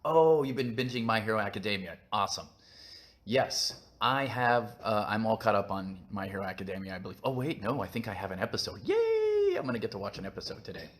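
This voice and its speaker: A man's voice: fairly low pitch, quick pace, fairly bright tone. A man hosting a casual live-stream vlog, chatting in a goofy, rambling way while he reads viewer comments. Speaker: vlog host reading live chat.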